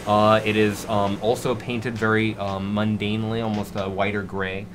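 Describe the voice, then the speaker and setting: A man narrating as game master of a tabletop game, hesitant and filling pauses with "uh". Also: fairly low pitch, little pitch movement, noisy background. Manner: hesitant, many fillers.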